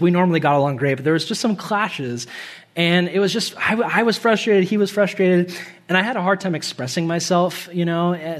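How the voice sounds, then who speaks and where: Laughing, conversational man preaching. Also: on the high side. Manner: conversational, laughs often, drops soft and quiet at tender moments. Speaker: pastor. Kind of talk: casual sermon.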